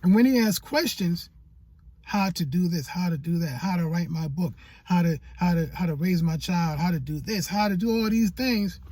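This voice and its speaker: A man's voice: high-pitched, darkish tone, dry recording. A man giving motivational vlog talk as a YouTube coach, preachy and repeating phrases for emphasis.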